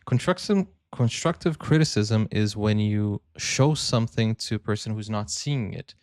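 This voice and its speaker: A man's voice: fairly low pitch, dry recording, studio quality. A man hosting a reaction video, talking casually and acting out little back-and-forth dialogues as he makes his point. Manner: chatty, acts out little dialogues, frequent "like" and "you know".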